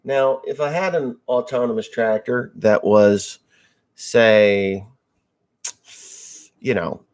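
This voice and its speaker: A man's voice: medium pitch, slow pace. A man from Massachusetts, a farmer hosting a live stream, chatting casually and bluntly with crude jokes as he answers viewer messages.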